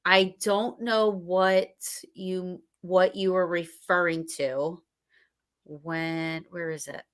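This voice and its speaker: A woman's voice: lowish voice, steady tone, slow pace. A woman hosting a casual interview, reacting eagerly with short interjections. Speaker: podcast host.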